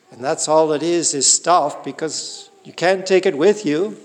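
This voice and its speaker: Man preaching, high voice, earnest rhetorical questions, long hall reverb. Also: unhurried, hardly any pauses. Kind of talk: sermon.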